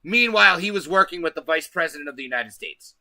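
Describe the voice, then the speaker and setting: A man's voice: fairly high pitch, animated, fast, creaky, sharp tone, no room sound. A man hosting a live stream, talking casually and emphatically, often cursing and asking his viewers "okay?". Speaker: livestream host. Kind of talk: casual livestream commentary.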